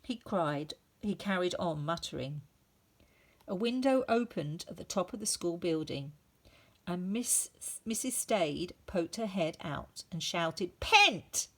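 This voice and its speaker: Slow low-voiced woman teacher reading aloud. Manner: expressive, sounding out effects.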